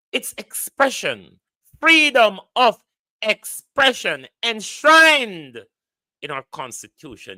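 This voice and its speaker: A man's voice: fairly high pitch, sharp tone, no echo. A Jamaican man vlogging heated political commentary, ranting bluntly and swearing freely.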